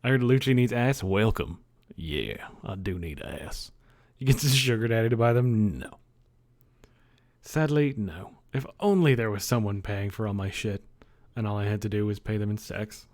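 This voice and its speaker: A man's voice: fairly low pitch, moderate pace, darkish tone. A man livestreaming from his bedroom, chatting loosely with viewers, rambling, joking and swearing. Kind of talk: casual chat with viewers. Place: own dimly lit bedroom.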